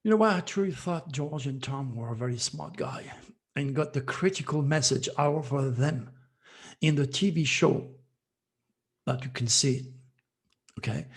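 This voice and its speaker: A man's voice: on the high side, creaky. A man hosting his own channel as an astrologer, speaking in an emphatic, repetitive monologue that scolds his listeners.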